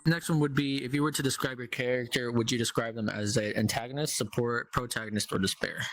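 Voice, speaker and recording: A man's voice: mid-range voice, fairly even intonation, fast, fairly bright tone, dry recording, low-quality recording. A man interviewing an auditioner, reading questions in a laid-back, slangy way.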